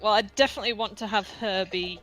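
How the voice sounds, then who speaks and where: A woman's voice: mid-range voice, steady tone, quick pace, a bit bright, soft background music, rough recording. A woman playing a tabletop game, casual and a little unsure, laughing often. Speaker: player.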